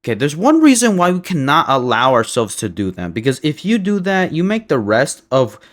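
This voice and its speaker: A young man telling a casual storytime monologue, rambling and profane, tagging "right?" onto his sentences and swinging between heated bursts and low mutters. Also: sing-song, fairly quick. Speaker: storyteller vlogger.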